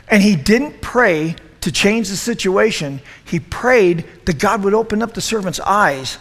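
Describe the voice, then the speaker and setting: Youth pastor, man, high voice, animated and joking, preaching in an echoey hall. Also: unhurried, hardly any pauses. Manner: animated, joking, asks the room questions. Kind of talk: youth group sermon.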